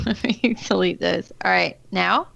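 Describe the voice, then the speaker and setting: Slow, gravelly-voiced woman reading names. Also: medium pitch, fairly bright tone, dry recording, highs cut off. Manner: giggly, reading names out slowly. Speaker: live stream co-host. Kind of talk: casual live stream chat.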